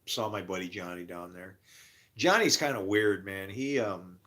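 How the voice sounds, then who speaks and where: A man's voice: sits low, lively intonation, moderate pace, a bit bright. A middle-aged man rambling grumpily about faith and his day, preaching and laughing at himself. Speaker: vlogger. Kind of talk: rambling monologue.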